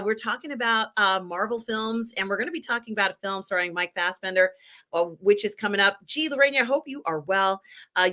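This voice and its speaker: Chatty lady hosting a live pop culture show, lots of ums, sharp bright tone. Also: mid-range voice. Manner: rambling, chatty, many fillers. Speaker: host. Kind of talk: casual pop culture chat.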